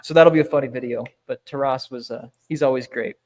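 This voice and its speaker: A man's voice: mid-range voice, fairly even intonation, a little fast, darkish tone. A man chatting casually as a guest, telling stories loosely with many fillers and easy laughs. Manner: rambling storyteller, many fillers, laughs easily. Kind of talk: casual chat.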